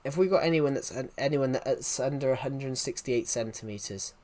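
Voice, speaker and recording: This mellow, mid-range male voice at a moderate pace belongs to an Englishman from the Southwest. He's chatting casually on a live stream, wandering between topics, frequently starting over, and responding to chat messages.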